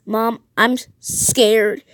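A woman's voice: on the high side, flat delivery, extremely slow, a bit bright, dry recording. A woman reading a text-message horror story aloud, voicing a frightened teenage girl who sounds panicky and asks question after question. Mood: scared.

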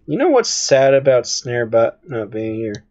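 Slow, playful gamer on a dull mic. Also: mid-range voice, very animated, a little mellow, no echo. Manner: playful, teasing, narrates game items aloud. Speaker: gamer playing with friends. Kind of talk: casual voice-chat banter during a game.

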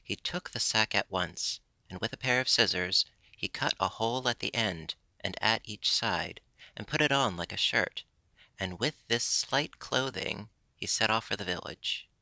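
A man reading a classic children's story aloud as an audiobook narrator, steady and measured. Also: on the low side, vocal fry, no echo.

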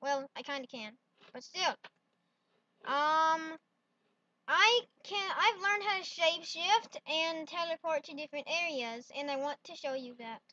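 Woman vlogger, high voice, slow and goofy, giggly exclamations, dull lo-fi recording. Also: bright, forceful tone. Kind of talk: playful solo vlog. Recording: dull lo-fi dry sound.

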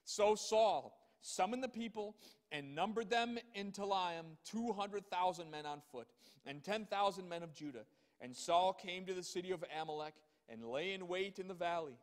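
High-voiced male preacher in echoing hall. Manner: reads scripture slowly and emphatically, then comments with rhetorical questions. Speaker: pastor. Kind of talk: sermon with scripture reading. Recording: long hall reverb.

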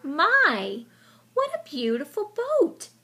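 A woman doing an eager squeaky little mouse. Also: big pitch swings, slow, a bit bright, exaggerated voice. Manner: squeaky and hopeful. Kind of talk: reading a storybook aloud.

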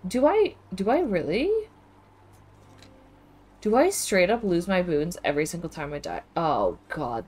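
Expressive woman streaming a game. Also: lowish voice, unhurried, pauses often, slight background noise. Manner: expressive, exclaiming and reacting aloud. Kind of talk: casual live game commentary. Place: home with webcam.

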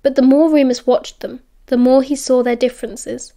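A young British woman reading an audiobook in a steady, measured narration. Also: high voice.

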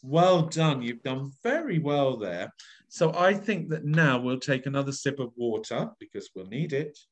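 A man's voice: medium pitch, lively intonation, a little slow. A man leading an online voice workshop over a video call, coaxing the group and acting out each phrase with big, exaggerated expression. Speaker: voice workshop leader.

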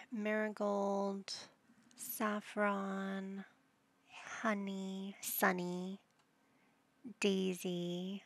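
A woman's voice: mid-range voice, gravelly, no echo. A woman giving casual commentary over her life-simulation gameplay, chatting to her game characters as she plays. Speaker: gameplay channel host.

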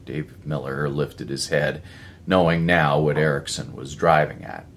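Very deep, gravelly male narrator. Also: fairly even intonation, unhurried, fairly bright tone, a little hiss or hum. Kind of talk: scripted audiobook narration.

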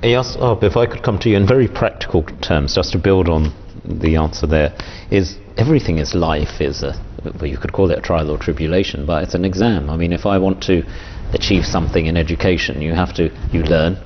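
A man hosting a studio panel discussion, calmly putting questions to his guests. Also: deep voice. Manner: measured, posing questions to panelists. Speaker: show host. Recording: dull lo-fi sound, faint noise.

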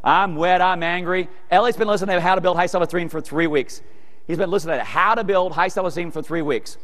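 A middle-aged man with a high voice and quick pace gives a humorous storytelling keynote to a live audience in a large hall. He's animated, acting out family scenes and speaking directly to the crowd, with a long hall reverb on the recording.

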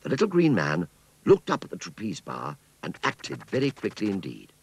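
A man narrating a children's story in an expressive, scripted storytelling manner. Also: sits low, moderate pace, gravelly, husky, dry recording.

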